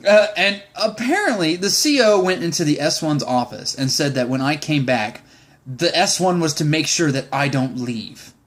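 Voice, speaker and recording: A man's voice: fairly high pitch, animated, normal speed, fairly bright tone. Exasperated, profane ranting man. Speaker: Marine sergeant. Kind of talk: ranting vlog.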